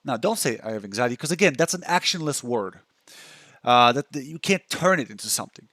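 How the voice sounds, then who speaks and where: A man's voice: mid-range voice, lively intonation, fairly quick, fairly bright tone, dry recording, studio quality. A young man giving casual self-help advice and talking through a post, chatty, with many restarts, acting out the thoughts he describes. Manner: chatty, restarts a lot, acts out inner thoughts. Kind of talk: casual talk reacting to a post.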